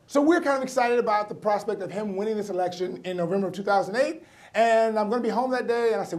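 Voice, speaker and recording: A middle-aged man performing stand-up comedy, telling a personal story with wry, punchy asides and sharp comic timing. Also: high-pitched, brisk.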